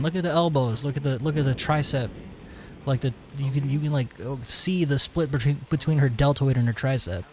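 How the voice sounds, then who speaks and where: A young man in his twenties streams a game and chats along loosely in a rambling, slangy way, swearing often and calling his viewers "bro." His voice sits at an ordinary middle pitch. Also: brisk. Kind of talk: casual let's-play commentary.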